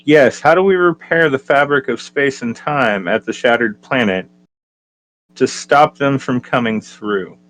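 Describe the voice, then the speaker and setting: Loud, emphatic male player. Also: mid-range voice, measured pace, poor audio. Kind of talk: casual tabletop play.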